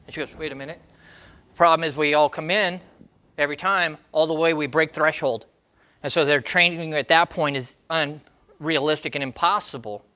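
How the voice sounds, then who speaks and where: A man's voice: on the high side, steady tone, moderate pace, sharp tone. A man working as a dog trainer, answering questions on a show, emphatic and acting out training steps in short bursts. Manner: emphatic, demonstrates scenes in short fragments. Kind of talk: Q&A advice segment.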